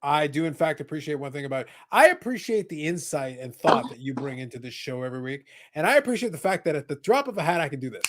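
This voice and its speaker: A man's voice: fairly high pitch, sing-song, fast, few pauses. A man co-hosting a podcast in casual chat, teasing his co-hosts with sarcastic banter. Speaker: podcast co-host.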